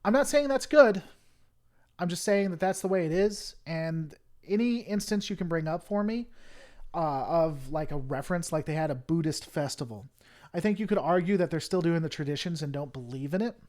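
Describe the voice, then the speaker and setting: A man's voice: fairly high pitch, lively intonation, moderate pace, darkish tone. A young man with a Southern US accent, rambling through a casual livestream chat with viewers, full of fillers and restarts. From Tennessee, US. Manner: rambling, many fillers and restarts, heated then apologetic. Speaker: livestream host. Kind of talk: casual live-stream chat answering viewers.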